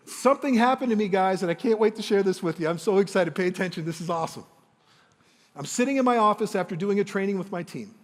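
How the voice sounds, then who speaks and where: A man telling a motivational sales story on stage to a live audience, animated and enthusiastic, acting out the dialogue. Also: high-pitched. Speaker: motivational speaker and sales coach. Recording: long hall reverb.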